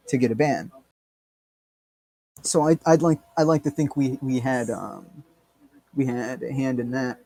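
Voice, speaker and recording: A man's voice: mid-range voice, darkish tone, no room sound. A man co-hosting a podcast, chatting casually in a rambling, crude, joking way with lots of fillers. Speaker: podcast co-host. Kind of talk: casual chat.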